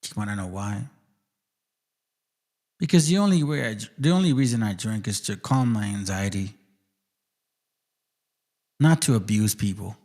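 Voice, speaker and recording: A man's voice: lowish voice, animated, unhurried, pauses often, darkish tone. A man hosting his channel, ranting in a confrontational, profane monologue aimed directly at people. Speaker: channel host.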